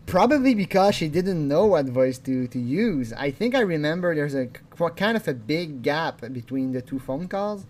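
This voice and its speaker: A man's voice: on the high side, big pitch swings, moderate pace, hardly any pauses, a little mellow. A man hosting a casual video commentary, rambling along with chuckles and restarts. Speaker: channel host.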